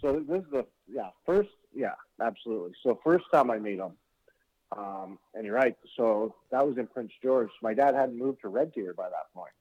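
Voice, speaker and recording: A man's voice: mid-range voice, moderate pace. Storytelling man, dull lo-fi sound. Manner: animated, swearing, acting out quotes. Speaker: podcast guest. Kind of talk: casual storytelling.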